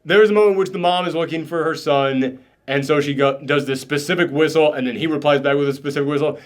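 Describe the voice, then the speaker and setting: Animated, exasperated male film reviewer. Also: a little high, fast talker. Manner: animated, exasperated ranting with swearing. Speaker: film reaction host. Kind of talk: casual film review chat.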